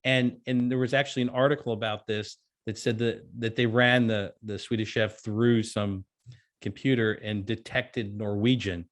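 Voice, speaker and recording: A man's voice: on the low side, flat delivery, normal speed. A man who is an author and beekeeper, a guest in a casual interview, easygoing, telling anecdotes and laughing often.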